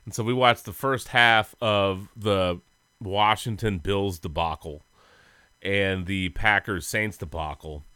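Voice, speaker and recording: A man's voice: deep voice, slow pace, bright, forceful tone, clear, resonant tone, no room sound. A man co-hosting a sports podcast, telling rambling, goofy stories in casual chat and laughing often. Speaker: podcast co-host.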